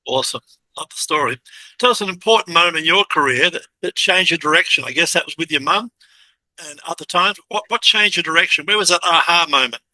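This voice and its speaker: A man's voice: fairly high pitch, animated, fairly quick, bright, forceful tone, dry recording, low-quality recording. A man hosting an interview, cheering on his guest with short upbeat affirmations and questions. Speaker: interview host.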